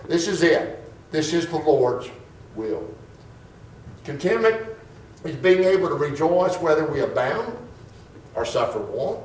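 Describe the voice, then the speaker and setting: A man preaching a sermon with a slow, emphatic delivery and dramatic drawn-out pauses. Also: a little high, big pitch swings, a little hiss or hum. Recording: roomy, distant mic with faint ambience.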